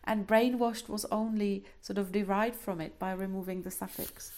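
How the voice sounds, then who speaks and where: A woman lecturing to a class in an unhurried, explanatory way. Her voice sits at a middling pitch. She fills pauses with "uh" and "um" and often checks understanding with a quick "okay?". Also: fairly even intonation, a little mellow. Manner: explains step by step, ends points with a checking "okay?"; frequent fillers and restarts. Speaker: linguistics lecturer.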